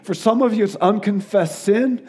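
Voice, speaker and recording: A male guest preacher giving an earnest sermon, sometimes emotional and dropping his voice softly for quotes. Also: normal speed, breathy edge. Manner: earnest, tearful in places, drops to soft low tones for quotes. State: crying at times.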